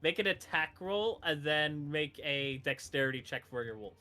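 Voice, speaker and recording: Bright-voiced male game master. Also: a little high, animated, normal speed, soft background music. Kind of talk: narrating a tabletop game.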